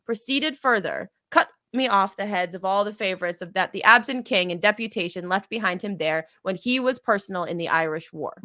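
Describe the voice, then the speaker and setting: A woman's voice: medium pitch, brisk, hardly any pauses, bright, forceful tone, no echo, lightly acted. A woman reading the verse of a hot-headed young male rebel lord, delivering his long list of grievances in a heated rush. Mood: indignant.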